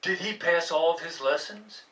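A woman playing a kindly adult in a live puppet show for children, gently asking the kids questions. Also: on the low side, moderate pace. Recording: roomy, from a distance.

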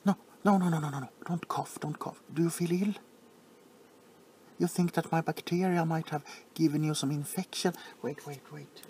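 A man playing an overly attached, sentimental pharmacist in a whispered role-play, softly fussing and apologizing. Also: on the high side, fairly even intonation, normal speed, a little hiss or hum, close to an everyday voice. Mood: apologetic.

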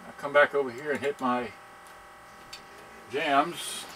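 A man walks through a stereo he has serviced, in a casual demo. His voice is bright and forceful, with a faint electrical hum behind it. He talks in halting bits and thinks aloud as he works. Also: medium pitch, steady tone, low-quality recording. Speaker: seller demonstrating a serviced stereo. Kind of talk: casual product demonstration.

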